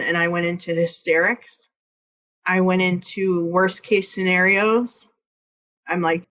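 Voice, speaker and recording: A woman's voice: fairly low pitch, level tone, takes it slowly, fairly bright tone, lo-fi sound. A woman from Iowa, a podcast guest, candidly telling a personal story and acting out quoted dialogue.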